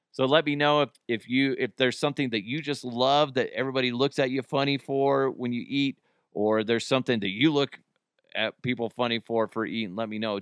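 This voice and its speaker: A man's voice: mid-range voice, a bit bright, clean tone, no room sound, studio quality. A man in his thirties hosting a casual solo podcast, rambling and joking, cursing freely and laughing at his own jokes. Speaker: podcast host.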